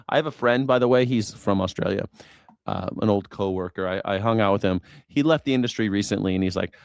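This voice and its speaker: A man's voice: lowish voice, quick pace, smooth, no echo, clean studio sound. A man hosting a news reaction stream, rambling and joking crudely in casual talk. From United States. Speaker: streamer host.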